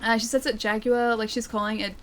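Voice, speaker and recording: Chatty Australian woman streamer, slightly high. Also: little pitch movement, fairly quick. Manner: chatty and playful, laughs often. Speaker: game streamer. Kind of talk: live gameplay commentary, reading chat aloud. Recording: loud game music behind the voice. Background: loud game music.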